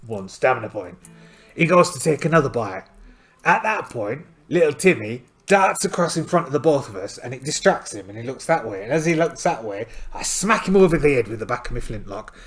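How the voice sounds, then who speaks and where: A man's voice: mid-range voice, very animated, fairly quick. A man playing a solo tabletop game who narrates it in a playful, storytelling way and thinks aloud over his dice rolls. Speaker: solo game player and host. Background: faint music backing track.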